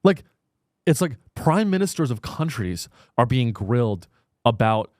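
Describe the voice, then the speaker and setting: A man's voice: mid-range voice, very animated, measured pace, a little mellow. A man with a mid-range voice hosts a casual comedy podcast, riffing in a sarcastic, irreverent way and swearing freely. The sound is dry and close, with no room echo. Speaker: podcast host.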